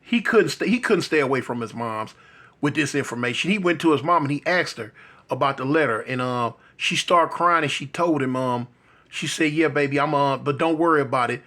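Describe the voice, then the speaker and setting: A man's voice: medium pitch, lively intonation, moderate pace, pushed and bright. A man telling a story in a loose, conversational way, often checking in with the listener. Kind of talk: casual street storytelling.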